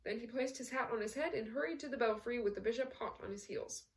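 A woman reads a novel aloud in a steady storytelling manner, with the odd slip and restart. Her voice sits on the higher side and sounds set back from the microphone. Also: fast talker, distant mic, low-quality recording. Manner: steady storytelling with small slips. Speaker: audiobook reader.

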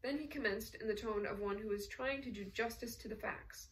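A woman narrating a novel in a measured, even storytelling manner. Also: fairly high pitch, recorded from a distance, low-quality recording. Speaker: audiobook narrator. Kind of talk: scripted narration.

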